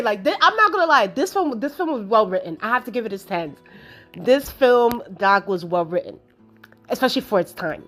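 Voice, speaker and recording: A woman giving a casual, chatty film review, animated and exasperated as she retells the plot with lots of asides and laughter. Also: a little high. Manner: exasperated storytelling, acting out her own reactions.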